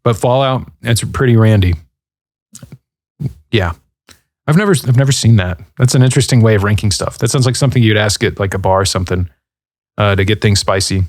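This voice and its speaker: A man in his thirties hosts a podcast, reading out listener questions and musing on them in an easygoing, meandering way. His voice sits low, and the sound is dry and close to the microphone. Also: fairly quick, long pauses, darkish tone, no room sound. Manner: laid-back and rambling, with frequent fillers. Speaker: podcast host. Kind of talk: casual podcast chat answering listener questions.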